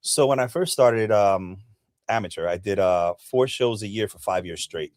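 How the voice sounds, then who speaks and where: A man's voice: lowish voice, moderate pace, a little mellow, no room sound. A middle-aged man from Puerto Rico, a guest, talking earnestly about his bodybuilding career. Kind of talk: casual interview talk.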